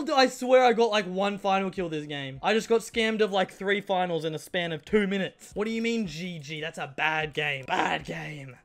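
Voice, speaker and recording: Young man, Australian accent, high voice, gameplay commentary, excitable, cheeky banter. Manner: excitable, bursts into shouts and laughter; cheeky, mock-stern banter with opponents. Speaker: gaming YouTuber.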